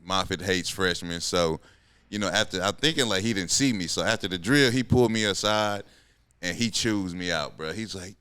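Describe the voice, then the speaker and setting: A man's voice: sits low, moderate pace, pushed and bright, clean tone, no room sound. A man in his thirties, a podcast host and former pro football player, talking in a laid-back, slangy, casual way.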